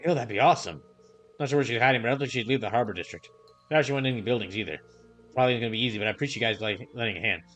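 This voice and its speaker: A man reading game dialogue aloud as an easygoing young man, relaxed, slangy and rambling. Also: mid-range voice, racing, soft background music, close to an everyday voice. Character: laid-back young man, easygoing ex-gang member.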